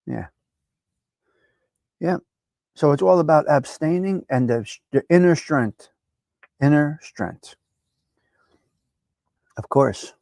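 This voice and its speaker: Host: middle-aged new guy, animated and preachy, a bit high-pitched, dry close sound. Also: no room sound. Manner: animated, preachy, talks straight to viewers. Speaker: live stream host. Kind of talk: casual chat reading viewer comments.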